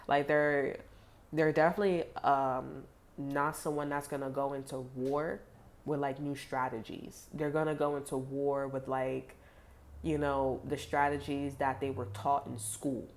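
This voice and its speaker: A woman's voice: very deep voice, flat delivery, unhurried. A woman giving a casual tarot reading to viewers, chatty and blunt, swearing freely with lots of "like" fillers. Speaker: tarot reader.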